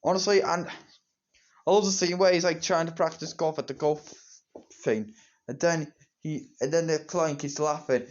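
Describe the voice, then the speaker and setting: A man's voice: fairly high pitch, normal speed, pauses often. A teenage boy, reviewing a movie in rambling, repetitive fan talk. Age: teens. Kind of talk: casual solo movie review. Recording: dull lo-fi home recording.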